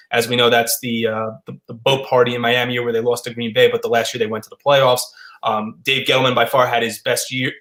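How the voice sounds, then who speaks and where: Sports show host, a man with a mid-pitched voice, recorded with a roomy echo. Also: fairly bright tone. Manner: leads the panel, hands questions to co-hosts. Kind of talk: hosting a sports panel show.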